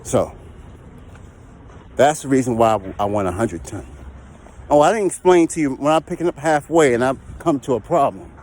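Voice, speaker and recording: In a casual vlog to camera, a man who operates heavy equipment and does recovery work chats about the job, repeating points and checking in with viewers. His mid-range voice is animated and darkish, at normal speed with long pauses.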